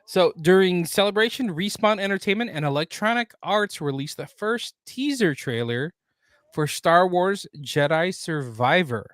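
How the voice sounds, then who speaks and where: A man co-hosting a casual pop culture news podcast, reading out news items and then riffing on them in a relaxed way. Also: high voice, measured pace, no echo, studio quality. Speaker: podcast co-host.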